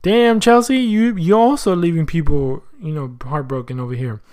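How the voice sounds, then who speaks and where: Another soccer podcast host talks in a slangy, chatty way, working through his thoughts out loud and asking himself questions. He speaks at a normal speed in a slightly high voice with a darkish tone.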